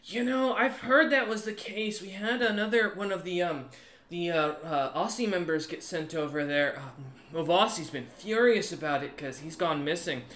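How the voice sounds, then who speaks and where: A man's voice: sits high, normal speed, a bit bright, roomy sound, pitched above the performer's own voice. A man voicing a chatty, eager noblewoman who trails off with ums, in a tabletop game. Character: friendly woman noble, chatty sister.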